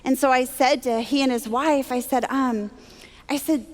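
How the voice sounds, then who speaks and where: A woman sharing a personal faith testimony, animated and self-deprecating, acting out her own thoughts as she tells the story. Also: high voice, moderate pace. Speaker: Christian speaker. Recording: long hall reverb.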